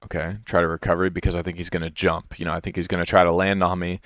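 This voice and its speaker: Brief: low-pitched man, casual self-critical game review, dull lo-fi headset sound, dry. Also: little pitch movement, fast, fairly bright tone, dry recording. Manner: rambling, self-critical, swears a lot, fillers "you know". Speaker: player reviewing his own match.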